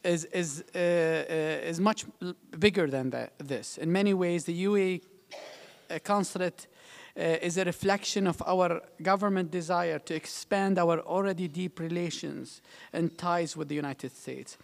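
A middle-aged man from the United Arab Emirates, a diplomat giving a public speech, halting with many fillers and restarts. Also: high-pitched, vocal fry, big-room sound.

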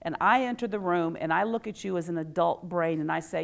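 A middle-aged woman and former teacher giving a lively workshop talk, quizzing the audience and leading call-and-response. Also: mid-range voice, fairly quick, vocal fry, hardly any pauses. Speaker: educator and workshop speaker.

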